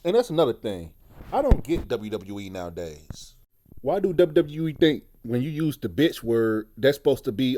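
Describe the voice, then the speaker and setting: Guy ranting about last night's show, fed up and sarcastic, voice sits a bit high, aave. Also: sing-song, moderate pace, warm tone. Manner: sarcastic, exasperated, mocks in a high voice. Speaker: wrestling recap host. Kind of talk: angry rant.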